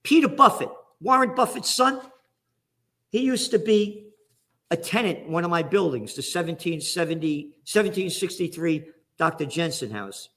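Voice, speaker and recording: Fired-up New York-accented guest, slightly high-pitched, ranting. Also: male voice, lively intonation, moderate pace, a bit bright. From the Bronx, New York. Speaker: guest commentator. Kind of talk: heated political commentary.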